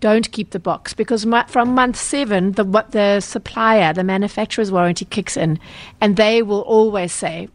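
A woman's voice: medium pitch, steady tone, dry recording. South African woman explaining consumer rights. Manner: brisk and explanatory, with frequent ums and self-corrections. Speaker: consumer journalist guest. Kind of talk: explanatory radio interview answers.

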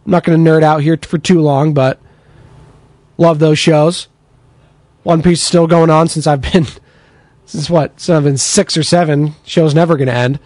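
Energetic man hosting sports radio. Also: on the high side, normal speed, pauses often, dry recording. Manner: energetic, chatty, takes text-line messages. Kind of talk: sports talk radio monologue.

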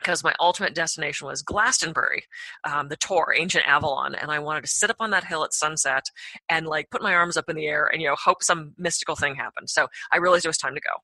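A woman guest on a podcast, telling a personal anecdote in an animated way, acting out her own reactions with big jumps in pitch. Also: fast talker, no room sound. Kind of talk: storytelling anecdote.

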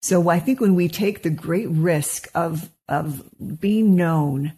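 A middle-aged woman with a husky, mellow, lowish voice co-hosts a relaxed podcast about marriage. Her delivery is gentle and reflective. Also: slow. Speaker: co-host, marriage therapist. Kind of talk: casual podcast conversation.

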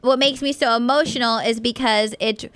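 Young woman radio host, chatty, says like a lot, smooth clear voice a bit high. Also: normal speed, no room sound. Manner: chatty, frequent "like", animated retelling, swears casually. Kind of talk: casual radio show chat. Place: radio studio.

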